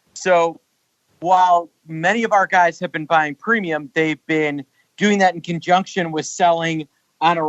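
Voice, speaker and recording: A man with a Southern US accent, co-hosting a podcast in relaxed casual chat. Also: sits high, no echo, dull audio. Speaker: podcast co-host.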